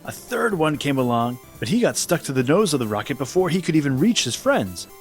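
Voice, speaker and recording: A man narrating a scripted children's story in a lively, expressive way. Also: on the high side, brisk, soft background music.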